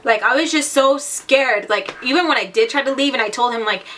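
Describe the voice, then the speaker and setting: A young woman speaks in a casual storytelling vlog, her voice fairly high and very bright. She talks bluntly, filling her sentences with "like" and curses. She sits a little back from the mic. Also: brisk, distant mic, a little hiss or hum. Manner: blunt, casual, heavy on "like" fillers and swearing. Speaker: vlogger.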